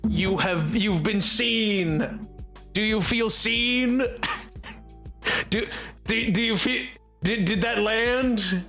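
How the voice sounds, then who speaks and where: Drawing out his words and pausing often, a young streamer rambles and jokes with his chat, full of fillers and self-corrections. His high-pitched voice is creaky, pushed, and bright, with soft music playing behind.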